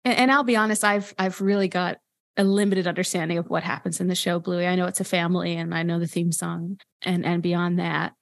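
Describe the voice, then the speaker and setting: A woman's voice: fairly low pitch, little pitch movement, a little fast, creaky, no room sound, clean studio sound. A woman co-hosting a comedy podcast, talking in a hesitant, rambling way. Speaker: podcast co-host. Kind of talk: improvised comedy chat.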